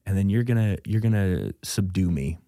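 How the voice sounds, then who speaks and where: Gravelly joking podcast host man. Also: low-pitched, animated, normal speed, warm tone, no echo, clean studio sound. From American Midwest. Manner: jokey, riffing, playful. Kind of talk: casual comedy chat.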